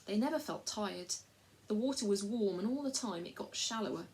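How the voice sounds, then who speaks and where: A woman reading a children's storybook aloud at a measured, even pace. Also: mid-range voice. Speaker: reader.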